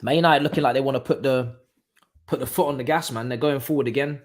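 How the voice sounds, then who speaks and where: A man's voice: mid-range voice, fast. Man hosting a live watchalong. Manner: casual, bursts into excited exclamations at goals. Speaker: watchalong host. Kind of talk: live match watchalong commentary.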